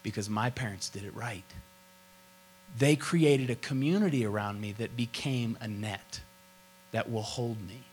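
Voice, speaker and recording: A man's voice: medium pitch, a little slow, slight background noise, low-quality recording. A middle-aged man from Oklahoma preaching a sermon as pastor, with an emphatic, repetitive cadence.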